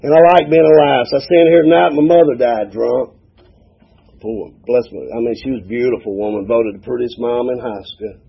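A gravelly, husky-voiced man in his forties with a drawl, telling his recovery story in a folksy, joking way and acting out every bit of dialogue. The sound is dull and lo-fi, like an old tape of a meeting. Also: medium pitch, a little fast. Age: 40s. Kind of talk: personal testimony with humor. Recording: dull lo-fi recording.

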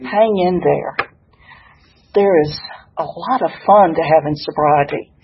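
A woman's voice: sits low, a little slow, muffled recording, a little hiss or hum. An older woman giving a folksy, good-humored personal share at a sobriety meeting, speaking to an audience in a hall. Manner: warm-hearted, folksy, laughs at herself.

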